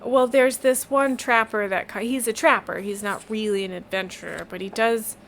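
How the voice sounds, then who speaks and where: A woman's voice: a little high, steady tone, moderate pace, a little hiss or hum, lightly acted. A woman voicing a young female village weaver who rambles, exasperated by town politics. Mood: rambling. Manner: rambling, exasperated, eye-rolling.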